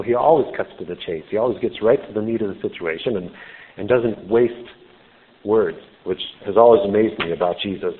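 A male preacher talks through a scripture story in an informal, explanatory way. His voice sits low. The sound is thin and band-limited, like a phone call. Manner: informal, explanatory, with "you know" fillers. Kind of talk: conversational sermon.

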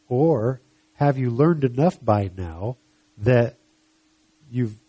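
With a medium-pitched, dark voice edged with breathiness, a man preaches a sermon with no room sound. He reads scripture aloud with rising emphasis, then puts searching, reflective questions to his listeners.

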